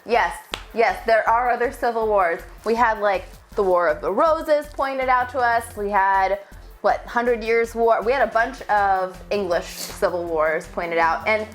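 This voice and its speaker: A young woman with a hoarse voice from a cold, trading dry playful banter as livestream co-host. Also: mid-range voice, measured pace, soft background music. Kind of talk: casual livestream chat.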